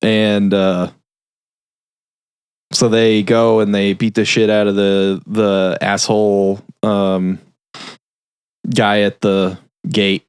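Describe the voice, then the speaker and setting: A man's voice: fairly low pitch, level tone, slow pace, long pauses, smooth, no room sound, clean studio sound. A man on a podcast casually retelling a film's plot, swearing freely and rambling with lots of filler words. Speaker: podcast host. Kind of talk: casual film recap.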